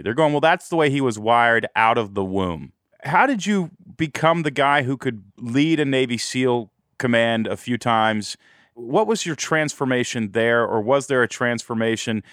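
A man hosts an interview, asking energetic questions and explaining ideas at length. His voice sits in a middle range. The sound is dry and close. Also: medium pitch, normal speed, no echo. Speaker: podcast host.

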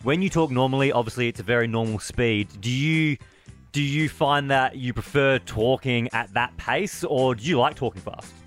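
A man's voice: mid-range voice, moderate pace, soft background music. A male radio co-host chiming in with laughing, friendly questions. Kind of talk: radio interview chat.

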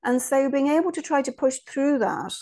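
A woman's voice: high voice, expressive, normal speed, warm tone. Chatty woman telling stories. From Ireland. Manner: chatty, storytelling, many restarts and asides. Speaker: guest. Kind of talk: casual interview chat.

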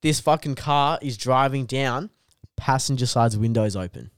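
A man's voice: mid-range voice, moderate pace, clean tone, no room sound, studio quality. Swearing guy telling a story. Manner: animated storytelling, heavy swearing. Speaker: comedian guest. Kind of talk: casual podcast chat.

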